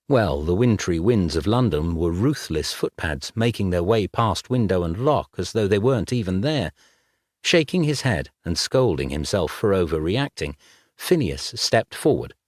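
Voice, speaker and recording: Male audiobook narrator, low voice, dry booth sound. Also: dry recording. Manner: measured, even storytelling. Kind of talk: scripted narration.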